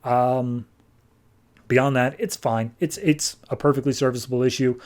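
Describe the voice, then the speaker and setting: A man's voice: medium pitch, fairly even intonation, measured pace, a little mellow. A man hosting a podcast, giving a casual, rambling review of a comic book. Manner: rambling, conversational. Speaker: podcast host.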